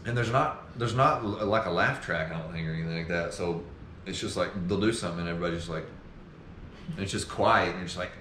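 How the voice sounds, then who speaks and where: A man's voice: low voice, quick pace, roomy sound, a little hiss or hum. A young man co-hosting a podcast, telling rambling stories and casually chatting with his friend. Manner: rambling storyteller, acts out quotes loudly. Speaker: podcast co-host. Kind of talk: casual chat.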